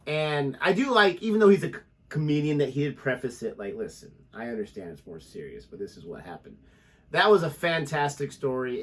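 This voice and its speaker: Emphatic reaction-channel guy. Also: on the high side. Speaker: reaction video host. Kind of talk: casual chat.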